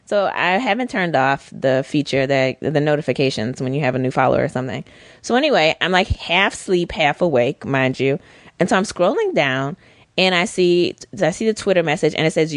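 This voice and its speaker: A woman co-hosting a podcast chats casually and tells stories with lively expression, speaking fairly quickly in a low voice. The recording is dry, with clean studio sound.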